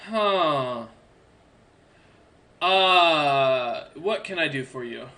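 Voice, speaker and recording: A man plays a cocky commander in a tabletop game. The commander talks in a brash, offhand way. The voice sits a little high and sounds bright and forceful. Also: lively intonation, very slow, heavily acted. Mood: brusque. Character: cocky, well-groomed male commander.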